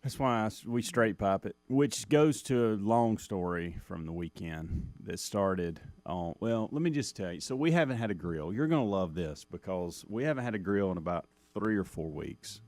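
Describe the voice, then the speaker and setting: A man co-hosting a radio show, telling a story about his week at home. His fairly low voice moves animatedly up and down, heard close and dry. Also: lively intonation, normal speed, hardly any pauses, a little mellow, no echo. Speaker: radio co-host. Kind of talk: casual morning-show banter.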